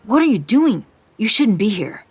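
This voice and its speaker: A woman voicing an earnest young rich man, speaking with hushed, urgent concern. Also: mid-range voice, sing-song, moderate pace, slightly rough, dry recording. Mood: worried.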